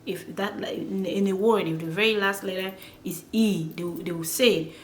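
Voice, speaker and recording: A woman teaching pronunciation in a casual lesson, chatty and repeating words slowly with many fillers. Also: mid-range voice. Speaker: language teacher. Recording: echoey room with faint noise.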